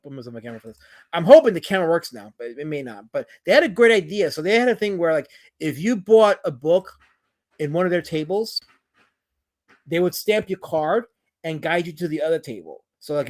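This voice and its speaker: A man's voice: on the high side, darkish tone. Tired, joking man hosting a livestream. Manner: rambling, joking, reads chat aloud, swears. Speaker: livestream host. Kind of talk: casual livestream chat.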